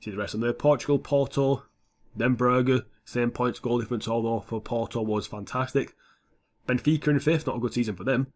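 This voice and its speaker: A man's voice: medium pitch, a little fast, a little mellow. Sweary young man commentating a game. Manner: blunt, sweary and offhand. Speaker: gaming YouTuber. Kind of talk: casual gameplay commentary.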